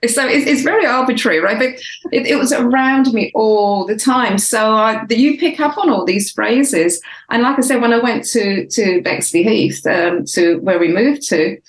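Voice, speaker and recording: A woman's voice: on the high side, moderate pace, reverberant, poor audio. A woman in her sixties with a faded Cockney English accent, talking reflectively as an author in an interview, with many fillers and restarts. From Southeast London, England. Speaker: author and guest. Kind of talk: casual interview talk.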